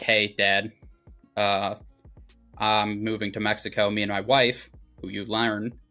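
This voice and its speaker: A young man with a low, bright voice retells a film plot in a loose, rambling way. He leans on fillers like "like" and swears freely, and the talk comes over faint music. He sounds like a casual podcast host. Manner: rambling, filler-heavy, profane. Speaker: movie review podcast host. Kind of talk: casual movie recap.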